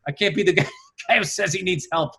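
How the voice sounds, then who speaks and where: Brief: male podcast co-host, high and bright, animated anecdote teller. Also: fast. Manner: storytelling, acting out voices, swearing. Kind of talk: casual comedic chat.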